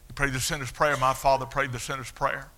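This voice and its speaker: Bright-voiced preacher telling a story. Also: male voice, medium pitch, flat delivery, a little fast. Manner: storytelling, swings from hushed to shouting. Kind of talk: sermon testimony.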